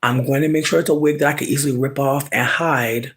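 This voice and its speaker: A man telling stories in a casual vlog rant, animated and swearing, his voice swinging between loud outbursts and low mutters while he smokes. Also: fast. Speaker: vlogger.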